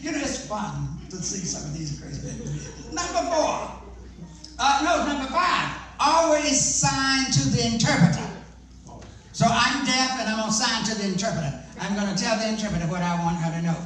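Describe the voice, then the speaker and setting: A man speaking to an audience in a big, very echoey hall, heard from well back from the mic. His delivery is lively and joking, and he keeps turning questions to the listeners. A faint background hiss sits under his voice. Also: very high voice, far from the mic. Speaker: speaker on deaf ministry. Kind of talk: presentation to an audience.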